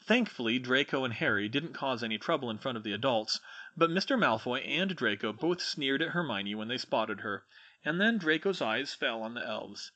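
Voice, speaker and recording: Brief: man narrating a fan fiction story aloud, animated rise and fall, mid pitch. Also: normal speed, highs cut off. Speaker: audiobook reader.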